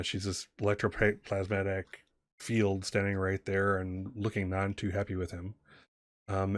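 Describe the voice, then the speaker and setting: A man with a lowish voice narrates a tabletop game as its game master, rambling with many fillers and restarts. The recording is dry and studio quality.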